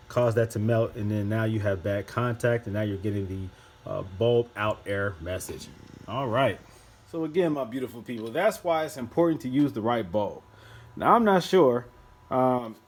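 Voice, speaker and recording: A man talking viewers through a car repair in a casual how-to vlog, recorded on a handheld phone. He speaks to them directly and chats along, and now and then bursts into loud excitement. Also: medium pitch. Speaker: DIY car repair vlogger. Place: working on a car, by its headlight.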